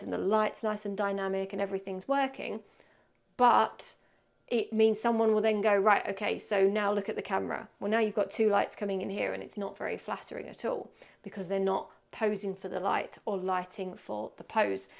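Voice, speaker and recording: A woman's voice: mid-range voice, creaky. A woman teaching portrait posing in a studio, talking casually and showing the poses as she explains. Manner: chatty, demonstrates poses while explaining. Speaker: photography workshop tutor. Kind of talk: casual instructional talk. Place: photo studio.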